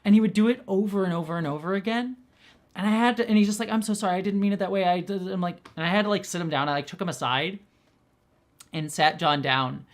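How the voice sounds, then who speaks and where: A woman's voice: on the low side, a little fast. A young adult woman host talking casually, rambling with many restarts and fillers. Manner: rambling, heavy use of "like", frequent restarts. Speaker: host and director. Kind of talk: casual commentary.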